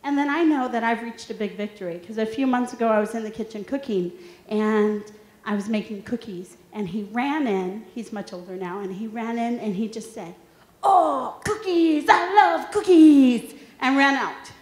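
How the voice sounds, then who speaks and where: A woman in her thirties, mid-range in pitch and moderate in pace, addresses an audience in a large, echoey room. Her workshop is a humorous motivational talk built on lively, funny storytelling and questions directed at the audience.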